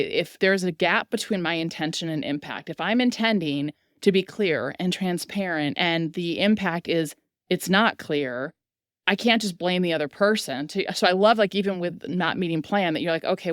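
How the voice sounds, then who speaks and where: Low-pitched enthusiastic woman host. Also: moderate pace, no echo, clean studio sound. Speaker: podcast host, leadership expert. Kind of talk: conversational interview.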